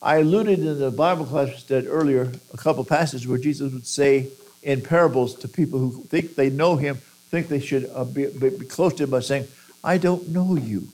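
A man's voice: medium pitch, a little fast, darkish tone, rough recording. A man preaching a sermon who acts out quoted voices and sometimes repeats words.

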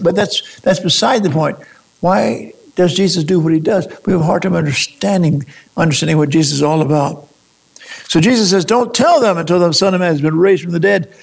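A man's voice: high-pitched, creaky, darkish tone, husky. A man preaching a sermon, posing rhetorical questions and often restarting his phrases. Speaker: pastor.

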